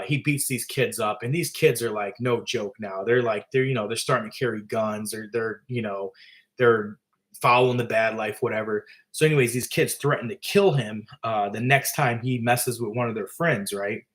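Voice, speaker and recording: A man's voice: medium pitch, a bit bright. A man retelling a story in a casual, rambling way, full of fillers and restarts. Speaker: author and storyteller.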